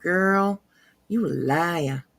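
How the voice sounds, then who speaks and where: A woman co-host with a lowish voice, talking slowly and deliberately. She drops sarcastic asides in a casual chat. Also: vocal fry, a bit bright, no echo. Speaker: commentary co-host.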